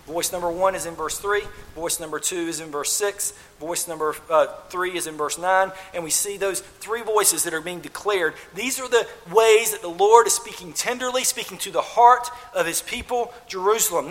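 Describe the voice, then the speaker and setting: Male pastor, high bright voice, earnest preaching with repeated phrases, big reverberant sanctuary. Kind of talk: sermon. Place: church sanctuary. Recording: long reverb of a large hall.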